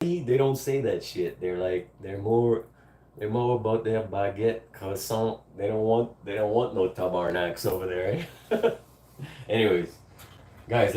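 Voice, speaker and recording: A man's voice: on the low side, a little mellow, far from the mic. A man chatting casually to his viewers during a music livestream, laid-back and chuckling. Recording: roomy, off-mic, music behind. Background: faint music.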